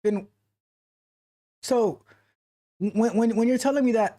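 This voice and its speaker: A man's voice: extremely high pitch, takes it slowly, long pauses, warm tone. A man coaching viewers on a casual coding livestream, pushing his points hard and circling back on his own phrases to drive them home. He chats loosely between points and reads comments from the chat. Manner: emphatic, motivational, repeats phrases for stress. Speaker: tech coach and livestream host.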